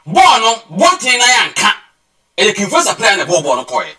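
A Ghanaian man joins the football talk as a co-panelist and mixes Twi and English. His voice is high, very bright and swoops widely in pitch. He sounds distant from the studio microphone. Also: wildly swooping pitch, brisk. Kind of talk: studio sports discussion. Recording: distant off-mic radio sound.

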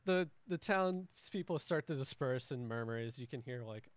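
A young man who is the game master, narrating a homebrew tabletop game in a casual, halting way full of restarts. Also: mid-range voice, lively intonation, dry recording.

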